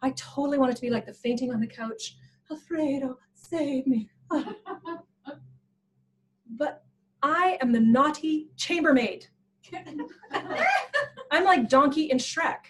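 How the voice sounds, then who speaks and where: A woman presenting a professional development workshop in an animated, playful way, laughing often. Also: high voice, moderate pace, pauses often, rough recording. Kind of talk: workshop talk.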